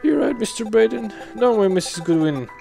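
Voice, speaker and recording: Brief: a man putting on a fretful old woman, high, quick and pleading, faint game music behind. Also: expressive, vocal fry, exaggerated voice. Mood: anxious pleading. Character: anxious elderly woman, pleading and fussy.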